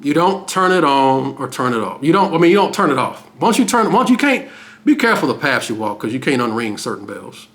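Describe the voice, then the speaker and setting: A man giving animated, preachy reaction commentary. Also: mid-range voice, fast, hardly any pauses. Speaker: commentary streamer.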